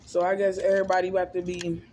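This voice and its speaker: A woman's voice: fairly low pitch, monotone, fast talker, warm tone, a little hiss or hum. A woman vlogger chatting casually to her viewers between bites, humming and smacking as she eats. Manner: talks between bites, with lip smacking and hums. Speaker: mukbang vlogger. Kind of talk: casual eating vlog chat.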